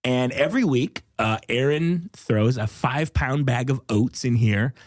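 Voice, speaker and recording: A man's voice: medium pitch, a little slow. A man hosting a comedy podcast, chatting in a goofy way and laughing often. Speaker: podcast host. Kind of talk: casual comedy podcast chat.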